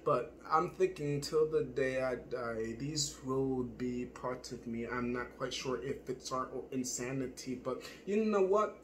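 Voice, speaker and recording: A man's voice: mid-range voice, measured pace, few pauses, a little hiss or hum. A man delivering an improvised spoken-word monologue, rambling and self-searching, with frequent swearing.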